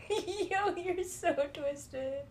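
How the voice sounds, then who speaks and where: A woman's voice: very high voice, very slow, roomy sound, a little hiss or hum. A woman chatting casually, telling stories with swearing and frequent laughter. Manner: animated, profane storytelling with frequent laughter. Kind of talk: casual chat.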